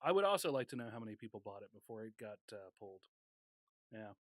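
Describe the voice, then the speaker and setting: A man's voice: on the low side, very animated, fast, a bit bright, no echo. A man co-hosting a casual podcast chat, joking and laughing often. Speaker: podcast co-host.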